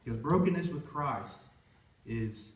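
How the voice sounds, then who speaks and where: A young worship leader with a voice on the high side and lively intonation takes his time telling a heartfelt personal story. He rambles with many restarts, heard from afar in an echoey church sanctuary.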